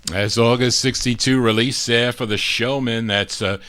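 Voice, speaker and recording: A man's voice: medium pitch, steady tone, normal speed, fairly bright tone, clear, resonant tone, faint music behind. A man hosting a record request show, chatting casually between songs as he dedicates each record to a listener and reads out its label details. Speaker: radio-style record show host.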